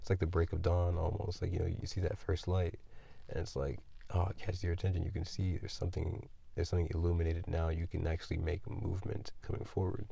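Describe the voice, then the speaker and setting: A man's voice: deep voice, monotone, fast, gravelly, warm tone, breathy edge. A man doing a casual tarot reading, rambling and thinking aloud with lots of fillers. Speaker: tarot reader.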